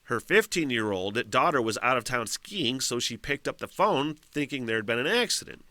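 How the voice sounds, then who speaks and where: A man hosting a casual solo podcast, reading a news story aloud with profane, animated asides and laughs. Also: medium pitch, normal speed, no room sound. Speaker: podcast host.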